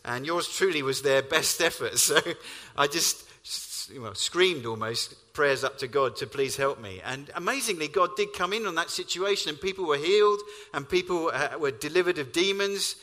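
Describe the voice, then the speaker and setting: A man preaches a sermon, his fairly high, bright voice lifting with emphasis on key lines. His storytelling rings out with the long reverb of a hall. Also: expressive, normal speed, hardly any pauses.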